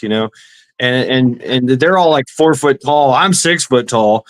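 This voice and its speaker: A man on a casual panel chat, talking in halting restarts with playful mimicry. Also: medium pitch, no room sound. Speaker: panel guest.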